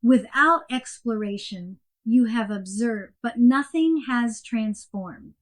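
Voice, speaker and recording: A woman giving a scripted coaching lesson in a clear, measured and emphatic way. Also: on the high side, animated. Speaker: coaching instructor. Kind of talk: scripted instructional narration.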